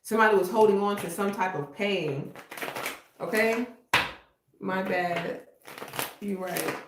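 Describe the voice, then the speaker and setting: A woman's voice: medium pitch, a little slow. Blunt slangy woman reading tarot. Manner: blunt, slangy, street-talking, repeats "okay?". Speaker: tarot reader. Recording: echoey room with noise.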